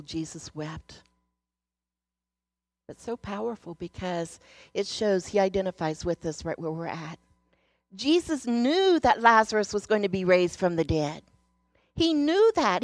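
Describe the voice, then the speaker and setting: Woman preacher, earnest storyteller, mid-pitched voice, dry close sound, swings from hushed to emphatic. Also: animated, measured pace, no room sound. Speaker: speaker sharing a devotional message. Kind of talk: sermon.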